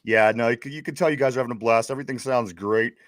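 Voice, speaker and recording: A man hosts a casual podcast, talking quickly in rambling, halting bursts full of restarts. His voice sits at a middling pitch and sounds dry and close to the mic. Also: no room sound. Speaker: podcast host.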